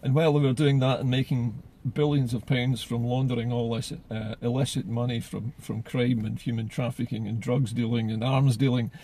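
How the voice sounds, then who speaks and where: A man's voice: medium pitch, level tone, normal speed, few pauses, mellow, slight background noise. A man giving solo political commentary in an earnest way, often repeating words as he gathers his thoughts.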